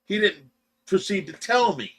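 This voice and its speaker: A man hosting a casual livestream, telling a story with animated shouts and quick impressions, in a Midwestern American accent. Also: high-pitched. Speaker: show host telling a story.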